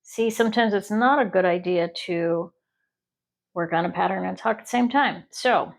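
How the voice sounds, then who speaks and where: A woman's voice: fairly low pitch, creaky. A woman from Ohio chats casually while she crochets, rambling and stopping to count stitches. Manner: rambling and self-interrupting, pausing to count stitches. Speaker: crochet podcast host.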